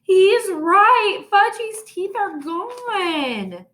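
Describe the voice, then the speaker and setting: A woman reading aloud, voicing a bossy young schoolgirl who sounds shrill and pleading. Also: normal speed, fairly bright tone, slight background noise. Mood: whiny. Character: bossy, whiny schoolgirl of about nine.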